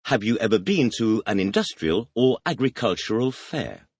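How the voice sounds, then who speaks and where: A man reading the teacher's questions in a scripted audio language lesson, announcing words and asking quick questions. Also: fairly low pitch, big pitch swings, slightly rough, dry recording. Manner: announces words, then fires quick questions with a clipped "please".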